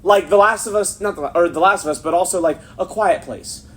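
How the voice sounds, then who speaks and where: A man's voice: high voice, fairly quick, a bit bright. Rambling man chatting on a podcast. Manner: rambling, self-interrupting, easily spooked. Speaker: podcast co-host. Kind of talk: casual chat.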